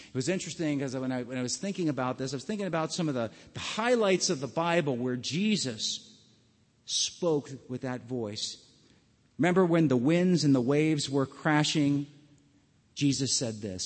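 A man's voice: on the high side, animated. Earnest male pastor in a reverberant hall. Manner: earnest, halting, many restarts. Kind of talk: sermon.

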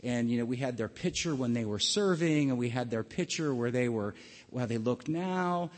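A man's voice: mid-range voice, lively intonation. Earnest male pastor in a reverberant hall. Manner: earnest, halting, many restarts. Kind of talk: sermon.

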